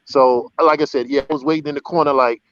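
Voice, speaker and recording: A man's voice: mid-range voice, steady tone, fast, a bit bright, no room sound. A man who works as a radio DJ, speaking earnestly and emphatically in a casual chat, on a slightly muffled line. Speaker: radio DJ guest.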